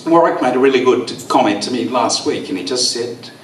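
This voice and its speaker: A man's voice: mid-range voice, lively intonation, a little hiss or hum. Teary man in an echoey hall. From Australia. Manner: rambling, halting, with many fillers. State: teary, voice quavering. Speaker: eulogy speaker. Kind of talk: memorial speech. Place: bowls club hall. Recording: echoey room, far from mic.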